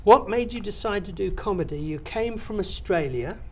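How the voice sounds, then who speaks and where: Halting male talk show host. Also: high voice, animated, slight background noise. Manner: halting, hesitant. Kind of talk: casual interview.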